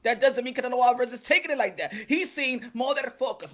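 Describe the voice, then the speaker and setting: A man hosting a boxing commentary vlog, talking in an animated, slangy, joking way and often repeating himself. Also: extremely high pitch, quick pace, hardly any pauses, noisy background. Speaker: boxing channel host.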